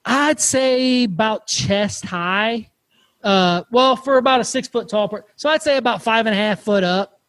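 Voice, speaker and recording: A man hosting a podcast, telling a campfire story in a casual, animated way and swearing freely. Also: high-pitched, unhurried, no room sound. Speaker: podcast host.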